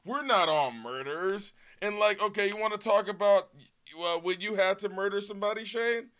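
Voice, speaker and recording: A man's voice: high voice, a little fast, fairly bright tone. A man streaming live, reacting to footage with profane, joking commentary and frequent laughter.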